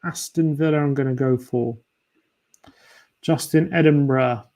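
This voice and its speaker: A man's voice: mid-range voice, steady tone, a little slow, darkish tone. A man hosting a fan livestream, chatting casually and muttering his guesses to himself as he plays a quiz. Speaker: fan channel host. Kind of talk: casual livestream chat while playing a quiz.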